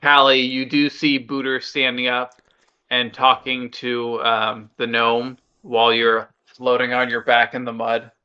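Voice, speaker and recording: A man narrating a tabletop game as game master, casual and unhurried with many fillers. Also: mid-range voice, little pitch movement, pushed and bright, smooth, lo-fi sound.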